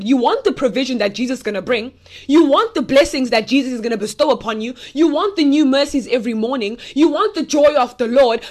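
A young woman giving a casual, animated Bible teaching, talking straight to her listeners in a direct, preachy way. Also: high voice. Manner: animated, preachy and direct, speaking to viewers as y'all.

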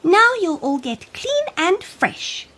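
A woman voicing an excitable, impulsive little girl in a storybook, squealing high and childlike. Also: slow pace, exaggerated voice. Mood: eager.

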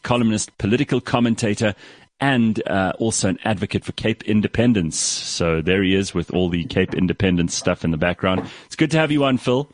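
A man hosting a talk show, introducing guests in a brisk way. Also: low-pitched, no echo. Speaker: show host.

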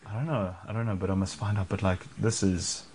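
A man on a football podcast, low-key and incredulous. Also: fairly even intonation, brisk, a little mellow, a little hiss or hum.

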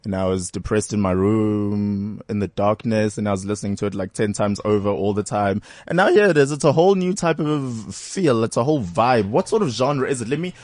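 A man's voice: on the low side, expressive, a little fast, few pauses, darkish tone, dry recording, clean studio sound. A man hosting a radio talk show, chatting casually in a playful, teasing way.

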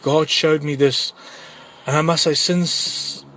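A man's voice: fairly high pitch, steady tone, slow, a bit bright. A man with a South African accent giving an earnest, urgent testimony about a vision, often repeating words for emphasis. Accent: South African English.

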